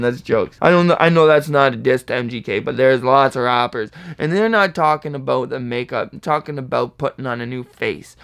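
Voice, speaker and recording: A man hosting a reaction video, chatting casually and whooping at lines he likes. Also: mid-range voice. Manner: excitable, hypes bars with whoops and laughs.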